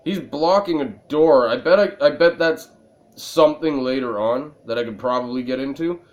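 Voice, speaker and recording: A gaming video creator casually narrates a let's-play while a bit tipsy, rambling along with self-mocking jokes he laughs at himself. He has a medium-pitched voice at normal speed, and the recording has its highs cut off.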